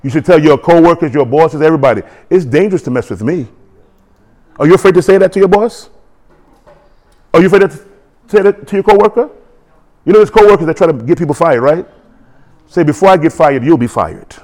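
A man's voice: on the high side, brisk, long pauses, darkish tone. A man preaching a sermon in an emphatic call-and-response manner.

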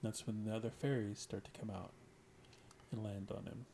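A man on a podcast, retelling one of his stories in a casual, halting way. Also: on the low side, steady tone, vocal fry, dark tone, slight background noise. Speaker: podcast guest, writer. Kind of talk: casual chat, retelling a story.

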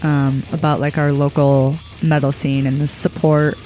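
A podcast host chatting casually in a soft, hesitant way. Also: medium pitch, little pitch movement, normal speed. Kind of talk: casual chat.

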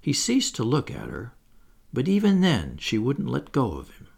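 A man's voice: mid-range voice, wildly swooping pitch, moderate pace, vocal fry, darkish tone, slightly rough. A man reading a children's story aloud, with wry asides to the listener. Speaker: audiobook reader. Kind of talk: scripted narration.

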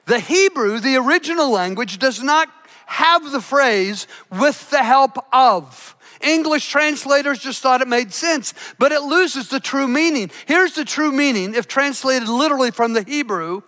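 A man preaching a sermon, swinging from hushed, soft passages to loud, shouted peaks. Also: extremely high pitch, lively intonation, measured pace. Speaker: pastor.

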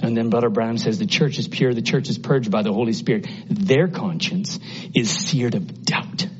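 A man preaching a sermon with passion, dropping to a hush and then climbing loud and high. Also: moderate pace, breathy edge, highs cut off. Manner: impassioned, swinging from hushed to loud and high.

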